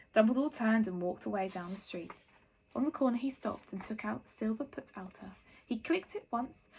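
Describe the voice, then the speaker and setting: A woman reading a children's novel aloud in a soft, hushed narrating voice. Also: fairly high pitch, slightly rough. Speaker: reader.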